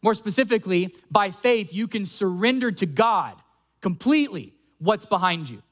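A man with a notably high voice preaching a sermon to his congregation. He speaks earnestly and stretches out key phrases to land them. He sounds like a young adult pastor. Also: fairly bright tone.

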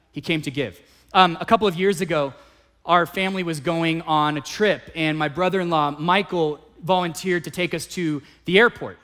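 A male pastor preaching a sermon, telling a personal story with animated delivery and acting out the voices of others. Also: high voice.

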